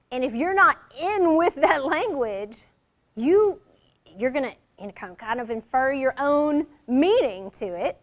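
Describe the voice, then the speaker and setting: A middle-aged woman leads a workshop in a conversational presentation. Her voice sits high, and she acts out short example lines in different tones to make a point. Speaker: workshop leader.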